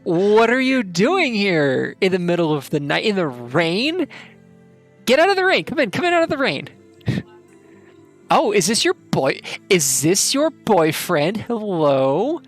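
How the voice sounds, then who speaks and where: A woman's voice: big pitch swings, unhurried, faint music behind. A woman voicing a flustered, fussy middle-aged mother who fusses over her grown daughter. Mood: flustered fussing. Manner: shrill, fussing, overbearing.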